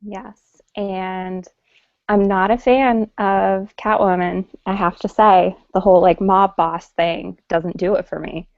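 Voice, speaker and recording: Woman with a gravelly voice rambling about comics on a video call, dry and dull sound. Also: mid-range voice, steady tone, slow pace, no echo. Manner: rambling, hesitant opinions. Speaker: panelist. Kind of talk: casual chat.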